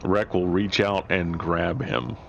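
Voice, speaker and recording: A man's voice: low voice, steady tone, slow, creaky, a bit bright, highs cut off, a little hiss or hum. A man playing a tabletop game, plain and matter-of-fact. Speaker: player. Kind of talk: casual tabletop play.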